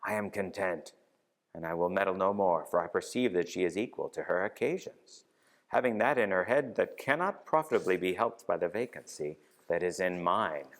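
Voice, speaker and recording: A man's voice: low voice, moderate pace. A man reading aloud and voicing a proud, blustering adult knight, heard in a reverberant church hall. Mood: wondering.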